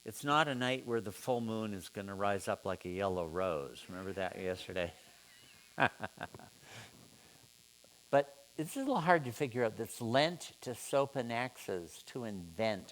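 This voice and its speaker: A man leading an informal seminar, musing aloud and putting questions to his students in a relaxed way. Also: lowish voice, measured pace, a little hiss or hum. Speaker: seminar teacher.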